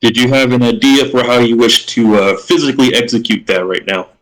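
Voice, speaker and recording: A man with a loud, projecting voice, running a tabletop game as game master in halting, restart-filled narration. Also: medium pitch, fairly even intonation, low-quality recording.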